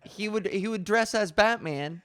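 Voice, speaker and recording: A young woman hosting a podcast, telling stories in a casual, animated way with lots of fillers. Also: medium pitch, a little slow, dry recording. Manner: animated storytelling with frequent laughs and fillers. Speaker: podcast host. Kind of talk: casual chat.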